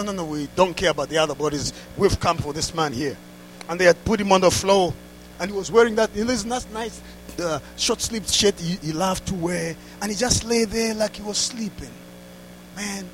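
High-voiced storytelling preacher man. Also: slight background noise, poor audio. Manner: swings between hushed asides and loud exclamations; laughs between lines. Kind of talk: storytelling sermon.

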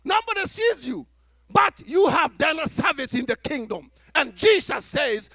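Man, pastor, sermon, high voice, dry close sound, animated storytelling. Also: measured pace, vocal fry, no echo. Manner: animated preaching with acted-out dialogue and laughs. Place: church.

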